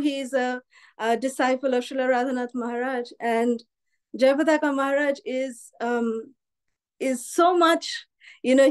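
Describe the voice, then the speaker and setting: A woman telling a personal story at a devotional gathering, acting out the voices of the people in it. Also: high voice. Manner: anecdotal, quotes others with lively voices. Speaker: devotee sharing memories.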